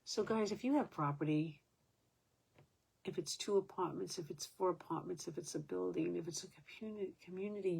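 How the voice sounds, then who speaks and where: Husky, gravelly older woman vlogging at home. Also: on the low side, normal speed, darkish tone. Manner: rambling, aggrieved, with frequent fillers. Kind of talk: casual talk to camera. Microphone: own camera.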